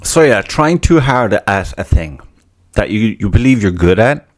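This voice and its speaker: A man's voice: lowish voice, lively intonation, unhurried. A middle-aged man, hosting a casual solo podcast in a rambling, profane, self-mocking way. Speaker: podcast host.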